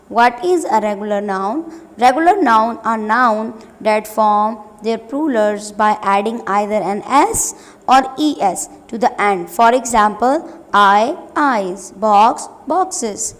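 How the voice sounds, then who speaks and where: A woman teacher giving an English lesson, deliberately repeating each word pair as a drill. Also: mid-range voice. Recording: long reverberant room.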